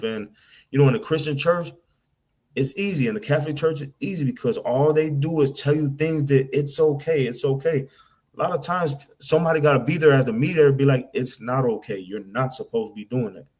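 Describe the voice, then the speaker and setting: A man's voice: on the high side, fairly quick. A man preaching bluntly in a casual rant, often repeating and stumbling over words. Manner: blunt, repetitive, slangy, mimics people in asides. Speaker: street preacher.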